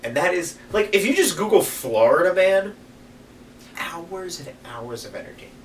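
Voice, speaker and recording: A man's voice: sits high, moderate pace. A man from the United States chatting casually and rambling, swearing for emphasis. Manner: rambling, swears for emphasis, lively when telling stories. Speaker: podcast co-host. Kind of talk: casual chat over beers. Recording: echoey room, mic at a distance, faint background noise.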